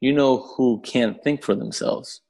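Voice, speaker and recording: A man, a podcast guest who tells a story in a casual, animated way, swearing freely and acting out the voices of the people in it. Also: medium pitch, a little slow, gravelly. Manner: animated, profane, acts out voices in his story.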